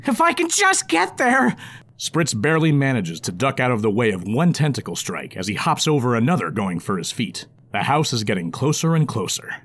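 A man narrating a fantasy story in a lively, expressive storytelling manner. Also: fairly low pitch, no echo, studio quality.

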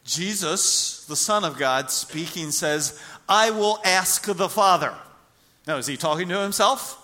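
A man preaching a sermon as pastor, animated, acting out little scenes and repeating words for emphasis. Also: sits high, unhurried. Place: church.

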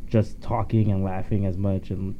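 A man's voice: deep voice, little pitch movement, moderate pace, highs cut off, slight background noise. A young man co-hosting a podcast, talking in a loose, joking way and swearing often. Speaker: podcast co-host. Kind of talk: casual chat.

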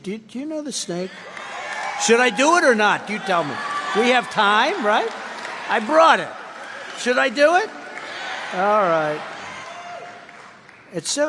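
A man delivers a campaign speech in emphatic, boastful rally oratory, circling back on his own phrases. His voice sits fairly high for a man. A long reverb trails each line through a large hall. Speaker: political candidate.

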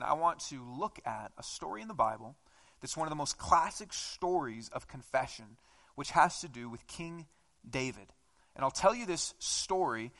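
Bright-voiced man preaching a sermon. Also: medium pitch. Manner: conversational, self-questioning preaching with wide swings in loudness. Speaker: pastor. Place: church hall.

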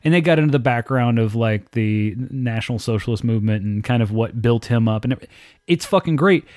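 A man co-hosting a casual podcast, heard dry and close with no room sound at all. He rants with lively, profane energy and swears constantly. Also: mid-range voice, a little fast, no echo. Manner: animated, swears heavily, ranting. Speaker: podcast co-host.

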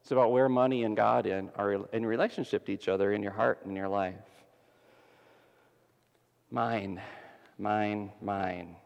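A man preaching a sermon as pastor, dramatic, swinging between loud emphasis and hushed softness. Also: on the low side, fairly even intonation, fast talker, creaky, few pauses, muffled recording. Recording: long hall reverb.

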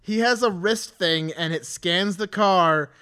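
A man's voice: sits high, measured pace, sharp tone, clean tone. A man co-hosting a comedy podcast, ranting in an exasperated, profane way in casual chat. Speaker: podcast co-host.

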